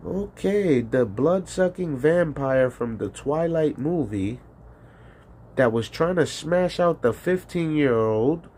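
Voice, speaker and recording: A man's voice: a little high, lively intonation, takes it slowly, a little mellow. A man hosting a call-in livestream, rambling casually with profanity and frequent laughter. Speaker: call-in show host.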